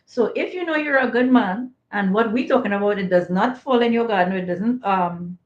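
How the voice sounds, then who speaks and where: A woman's voice: medium pitch, moderate pace. Emphatic woman podcast co-host, echoey audio. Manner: emphatic, repeats points for effect. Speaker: podcast co-host, former school counselor. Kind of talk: candid advice-giving chat. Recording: echoey, slightly dull remote audio.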